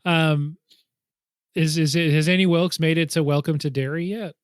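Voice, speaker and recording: Higher-voiced man hedging in casual chat. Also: fairly even intonation, normal speed, smooth, no echo, clean studio sound. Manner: hedging, self-deprecating, laughs at himself. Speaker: podcast co-host. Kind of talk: casual movie podcast chat.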